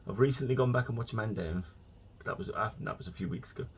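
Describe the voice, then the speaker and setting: A man's voice: lowish voice, quick pace, creaky, a little hiss or hum. A man hosting his own podcast, rambling casually from topic to topic and slipping into exasperated rants. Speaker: podcast host.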